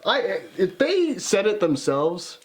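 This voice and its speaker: Lively, laughing man in casual chat. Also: high voice, slow. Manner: laughs often, swears, acts out quotes. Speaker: podcast co-host. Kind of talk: casual chat recapping wrestling.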